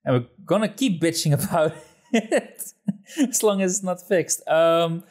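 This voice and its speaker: A man's voice: fairly high pitch, lively intonation, a little slow, darkish tone. A man hosting a casual podcast chat, agreeable, steering the topics and laughing often. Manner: steering the talk, agreeable, with frequent laughs and fillers. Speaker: podcast host.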